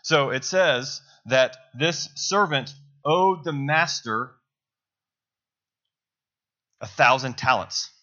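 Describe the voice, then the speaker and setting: A man's voice: medium pitch, slow pace, long pauses, bright, forceful tone, dull audio. A man preaching a sermon to a congregation in a loose, conversational way, correcting himself as he goes and checking in with "right?". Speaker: pastor. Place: church service.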